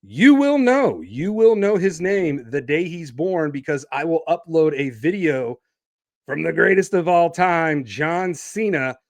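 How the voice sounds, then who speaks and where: A man hosting his own podcast, talking casually while standing and moving around, with an energetic, promo-style delivery. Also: fairly high pitch, a little slow, dry recording. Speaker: podcast host.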